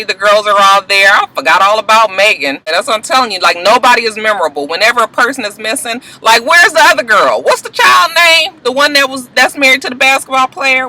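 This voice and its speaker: A woman rants through a reality-show recap with a casual, profane edge. Her voice is very bright and sharp. She keeps the talk animated, dropping into mocking voices of the cast. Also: medium pitch, poor audio. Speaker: YouTube reality-show reviewer. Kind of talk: casual vlog review.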